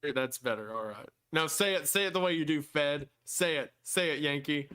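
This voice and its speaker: A man's voice: a little high, moderate pace, bright, forceful tone, clear, resonant tone. A young man co-hosting a casual livestream podcast, teasing his co-host with playful jabs.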